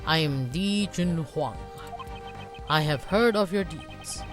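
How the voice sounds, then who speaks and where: A woman voicing a stately male president in a fan game dub, speaking slowly and formally. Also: sits low, animated, faint music behind. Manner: slow and formal.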